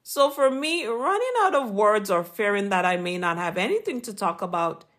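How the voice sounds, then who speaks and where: A woman's voice: medium pitch, lively intonation, normal speed, fairly bright tone. A woman with a Jamaican accent reading an earnest, encouraging Christian motivational talk as a podcast host. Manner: earnest, encouraging, read from a script.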